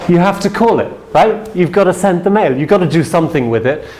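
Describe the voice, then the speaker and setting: A man's voice: high-pitched, lively intonation, brisk, warm tone. Chatty male sales trainer on stage. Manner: anecdotal, chatty, checks in with "yeah?". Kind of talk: storytelling in a training seminar. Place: stage in front of a seminar audience.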